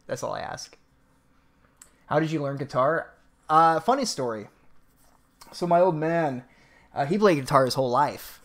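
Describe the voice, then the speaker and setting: A man casually chatting with viewers on a live stream, reading out donations in a rambling, laid-back way, laughing often and swearing offhandedly. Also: fairly high pitch.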